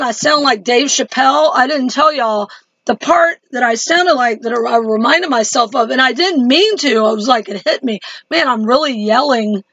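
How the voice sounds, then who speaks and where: A woman's voice: high voice, a bit bright, no echo, dull audio. A woman chatting to her viewers in a casual religious video diary, laughing easily. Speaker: Christian vlogger.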